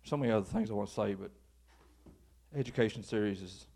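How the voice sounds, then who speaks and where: A male pastor preaching an informal, folksy sermon that builds to animated exhortation. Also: on the low side, fast talker, gravelly.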